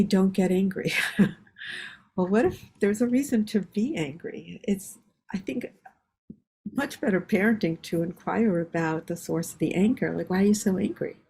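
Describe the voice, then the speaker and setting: A woman's voice: mid-range voice, warm tone, a little hiss or hum. An older woman, a psychiatry researcher, giving reflective, explanatory answers as an interview guest. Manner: reflective, explanatory, acts out parents' words.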